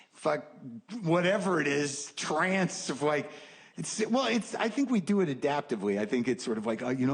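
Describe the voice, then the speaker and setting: A man's voice: a little high, a bit bright. A man in his fifties doing a stand-up comedy set, ranting in a profane, exasperated way. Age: 50s. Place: comedy stage. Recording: noisy live stage recording.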